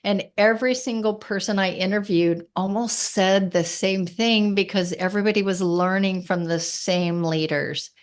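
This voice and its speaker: A woman's voice: mid-range voice, steady tone, moderate pace, few pauses. A woman, an entrepreneur speaking frankly and directly as an interview guest. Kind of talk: casual interview chat.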